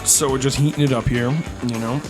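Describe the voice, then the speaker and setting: A man's voice: mid-range voice, steady tone, brisk, over music. A man hosting a casual podcast, rambling through stories, laughing often and swearing freely. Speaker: podcast host. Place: New York.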